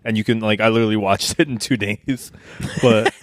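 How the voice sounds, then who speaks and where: A man co-hosting a casual podcast chat, rambling and halting but enthusiastic. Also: on the low side, fairly even intonation, no echo, studio quality. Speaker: podcast co-host.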